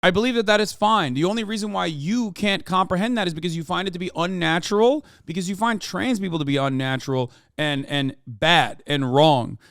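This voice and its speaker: A man's voice: sits high, brisk, gravelly, few pauses, fairly bright tone, no room sound, clean studio sound. A man hosting a live stream, ranting heatedly and profanely about politics and mocking his critics. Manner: mocking and combative toward chat.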